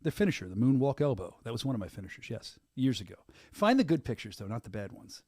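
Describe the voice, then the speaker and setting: Quick, animated man hosting a podcast. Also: mid-range voice, dry recording, studio quality. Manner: joking, laughs often, quick and animated. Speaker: podcast host. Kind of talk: casual podcast chat.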